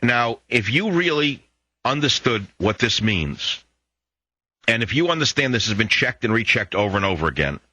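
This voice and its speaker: A man's voice: medium pitch, very animated, normal speed, pushed and bright, no echo. An older man hosting a political talk radio show, lecturing listeners in a combative monologue and telling jokes.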